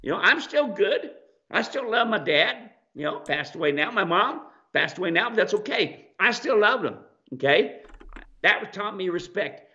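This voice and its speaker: Animated folksy man, dull lo-fi sound. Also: high-pitched, moderate pace. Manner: animated, acts out animals and people in quoted asides. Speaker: mule trainer and show host. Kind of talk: casual folksy advice.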